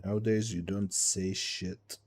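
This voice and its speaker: A man's voice: low voice, steady tone, measured pace, husky. Profane man streaming. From Tunisia. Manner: loose, profane, rambling storytelling. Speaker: game streamer. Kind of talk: casual livestream chat.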